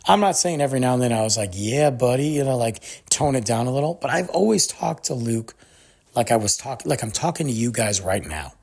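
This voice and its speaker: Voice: mid-range voice, animated, brisk, creaky, a little mellow, breathy edge. A podcast host telling stories in a solo monologue, ranting with animation and acting out the people quoted along the way. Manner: acts out quoted people mid-story.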